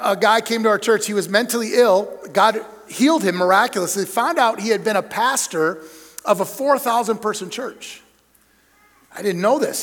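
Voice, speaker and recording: Middle-aged guy preaching to church leaders, really high voice, punchy lists, big echoey hall. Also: fairly bright tone. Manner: emphatic preacher, punchy lists, acted-out anecdotes. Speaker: superintendent speaking to church leaders. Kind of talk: sermon-style leadership talk. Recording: long hall reverb.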